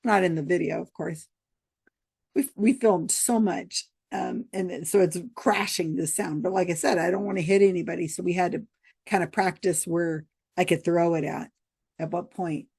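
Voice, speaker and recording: An American woman talks straight to the camera, telling a chatty, rambling story and laughing a lot. Her voice sits on the low side with a gravelly, husky, slightly breathy grain, a darkish tone and fairly even intonation at a moderate pace. The recording is dry and close, with no room sound.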